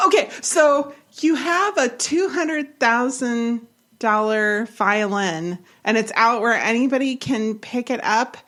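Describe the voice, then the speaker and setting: A woman co-hosting a podcast who reacts to a story with dry, wry questions and quick remarks. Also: on the high side, expressive, fairly bright tone. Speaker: podcast co-host. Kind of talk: casual chat, reacting to a story.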